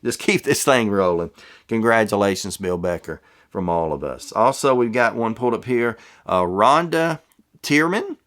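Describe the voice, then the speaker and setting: A man's voice: fairly low pitch, lively intonation, moderate pace, a bit bright. A middle-aged man from the American South reading viewer comments in a casual, folksy way and stumbling over names.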